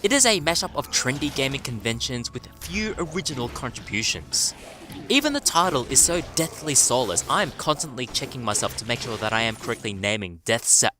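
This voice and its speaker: A man's voice: medium pitch, sing-song, brisk. Sardonic man narrating a review. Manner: dry, sardonic delivery. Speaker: game reviewer. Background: music.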